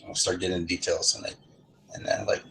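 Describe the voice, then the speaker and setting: A man's voice: sits low, flat delivery, fairly quick, gravelly, a bit bright, slight background noise, rough recording. A middle-aged man chatting casually, telling rambling stories with a lot of swearing. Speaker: lobby chat participant. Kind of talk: casual chat.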